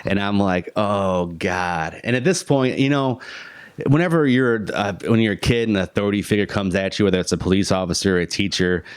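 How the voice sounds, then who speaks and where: A man in his thirties tells a story as a podcast guest, his voice deep and smooth. He laughs a lot and leaps into squeaky voices for the people he quotes. The sound is dry and close to the mic. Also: brisk, no room sound. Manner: animated, jumps into high-pitched voices for quoted people; laughs often, many fillers. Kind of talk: casual storytelling.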